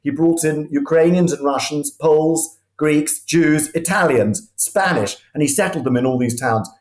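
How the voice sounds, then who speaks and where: Man, guest historian, storytelling, vivid anecdotes, quick restarts, roomy echo. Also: a little high.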